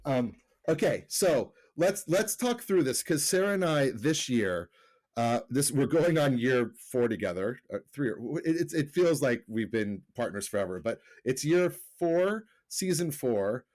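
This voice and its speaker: A man's voice: medium pitch, big pitch swings, unhurried, darkish tone. Middle-aged male podcast co-host, loose rambling delivery, joining remotely. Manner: rambling, self-correcting, laughs easily. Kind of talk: casual remote podcast chat. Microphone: remote call.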